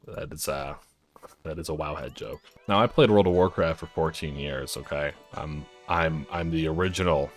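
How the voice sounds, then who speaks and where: Laid-back deep-voiced man, profane rambling. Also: moderate pace, faint music behind. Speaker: gaming video creator. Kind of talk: casual gameplay commentary and storytelling.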